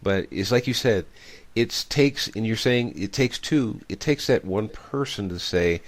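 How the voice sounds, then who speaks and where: A man's voice: lowish voice, measured pace, hardly any pauses. A middle-aged man hosting a radio interview, rambling and reflective, telling stories with many fillers. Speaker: radio show host.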